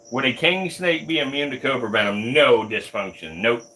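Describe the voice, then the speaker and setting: A man's voice: mid-range voice, bright, forceful tone. A young man hosting a reptile livestream, chatting casually, swearing and cooing at his snakes. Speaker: reptile keeper and livestream host.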